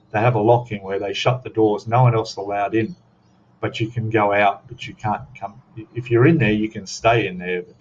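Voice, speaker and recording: A relaxed Australian man chats his way through a hobby live stream, drifting between stories and viewers' messages. His voice sits a little low, and the stream audio is dull and lo-fi with a faint hiss underneath. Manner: rambling, easygoing, reads chat aloud. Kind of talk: casual live stream chat.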